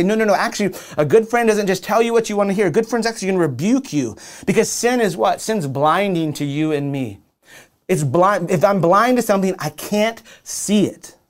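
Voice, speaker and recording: A young adult man preaching a sermon in an earnest, conversational way, often repeating and restarting his words. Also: a little high. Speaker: pastor.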